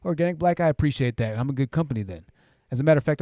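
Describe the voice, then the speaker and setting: A man's voice: mid-range voice, animated, very fast, mellow, a little hiss or hum. A man hosting a livestream, reading viewer comments aloud and chatting about them, often tagging sentences with "right?" and restarting his phrases. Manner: conversational, keeps asking "right?"; self-interrupting restarts, repeats phrases. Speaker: livestream host.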